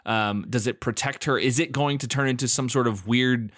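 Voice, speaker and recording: A man's voice: medium pitch, moderate pace, fairly bright tone, no room sound, clean studio sound. A man co-hosting a movie podcast in casual chat, laughing often as he recaps scenes and speculates about the plot. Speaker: podcast co-host.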